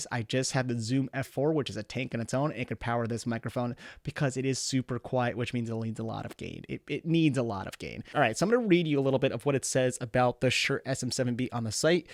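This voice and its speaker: A man's voice: medium pitch, no echo. Guy doing a laid-back mic review, talking right up on a studio mic, dead dry sound. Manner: chatty and relaxed, direct to viewers. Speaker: microphone review host. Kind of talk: casual product review talk. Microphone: close studio microphone.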